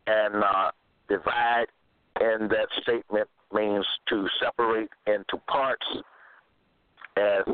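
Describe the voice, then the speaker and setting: A man giving a slow, repetitive religious monologue, halting with fillers and stressing his points. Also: on the low side, steady tone, clean tone, no room sound. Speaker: self-styled preacher. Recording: tinny phone-like dry recording.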